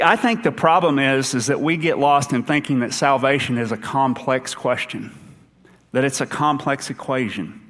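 A man's voice: medium pitch, fairly bright tone, long reverb tail. A man with an Eastern Kentucky accent, an associate minister giving a sermon in an earnest, conversational way with personal asides.

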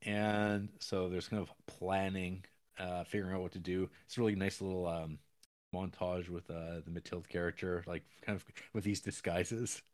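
A man's voice: low-pitched, little pitch movement, moderate pace, darkish tone. A man co-hosting a podcast, casually recapping a film in a rambling way and acting out lines. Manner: rambling recaps with acted-out quotes and laughs. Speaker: podcast co-host.

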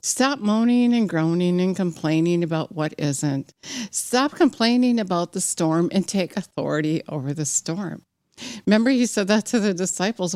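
A woman's voice: medium pitch, expressive, normal speed, mellow, no room sound. A woman giving a fervent personal sermon, exhorting her listeners and reading scripture aloud with some slips. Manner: fervent, exhorting, rising to emphatic peaks. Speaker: preacher.

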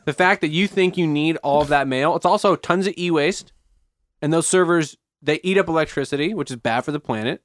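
A young man hosting a casual chat, animated and swearing freely as he acts out what others said. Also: on the high side, a little fast, dry recording, studio quality.

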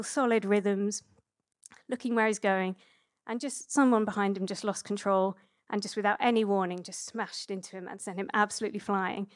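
Chatty woman giving a relaxed sermon. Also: mid-range voice, dry recording, studio quality. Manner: chatty and relaxed, with many fillers and self-corrections. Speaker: preacher. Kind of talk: conversational sermon.

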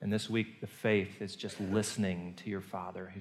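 A male pastor preaching a sermon, telling the story earnestly and moving between hushed and emphatic delivery. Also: sits low, little pitch movement, normal speed, few pauses. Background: soft guitar music.

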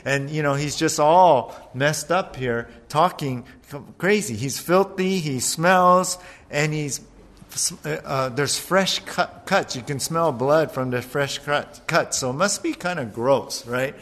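A man preaching a sermon as pastor, animated, acting out voices as he retells a passage. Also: fairly high pitch, takes it slowly. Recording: long hall reverb.

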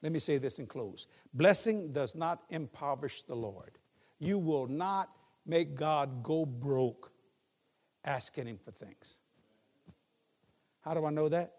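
Husky-voiced preacher in his sixties. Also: fairly high pitch, expressive, takes it slowly, long pauses, a little mellow, in a large hall. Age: 60s. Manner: humorous storytelling, laughs often. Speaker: guest preacher. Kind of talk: sermon. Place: church.

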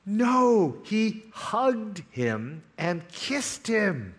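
A man preaching a sermon, telling a parable with dramatic swings between hushed, quiet lines and loud, eager ones. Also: high voice, sing-song, very slow, slightly rough. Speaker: pastor.

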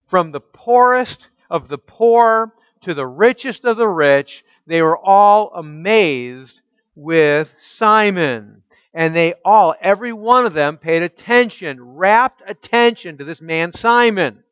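A man preaching a teaching sermon, asking his listeners rhetorical questions and reading scripture aloud slowly with emphasis. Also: sits high, a bit bright, dry recording, highs cut off. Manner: asks the congregation rhetorical questions. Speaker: pastor.

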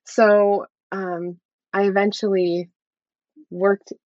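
A woman's voice: medium pitch, flat delivery, drawn-out words, darkish tone, no room sound. A woman in her thirties, a guest in an interview, telling a personal story candidly and often adding "right?". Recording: dull, dry, lo-fi sound.

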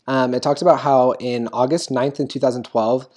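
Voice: mid-range voice, fairly even intonation, moderate pace, darkish tone. A young podcast host chatting casually, rambling through notes with frequent ums and giggles. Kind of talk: casual chat.

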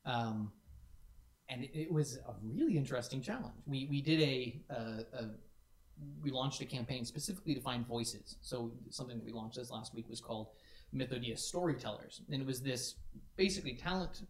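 A man's voice: medium pitch, fairly quick. A man co-hosting a community stream, talking casually and enthusiastically with many restarts. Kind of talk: casual chat. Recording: echoey room.

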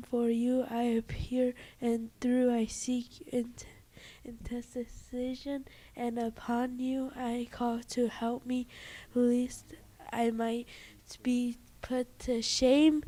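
A woman reading long penitential prayers aloud, halting and stumbling over words as she goes. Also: a little high, warm tone, poor audio. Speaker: prayer reader.

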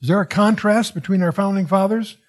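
A man's voice: high-pitched, brisk. A man giving expository Bible teaching in a digressive, musing way, often breaking off with "wow" and restarting his sentences.

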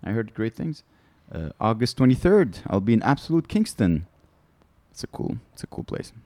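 A man's voice: mid-range voice, sing-song, normal speed, warm tone, no room sound. A man, a comedian guest on a podcast, telling rambling candid stories in casual chat. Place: studio.

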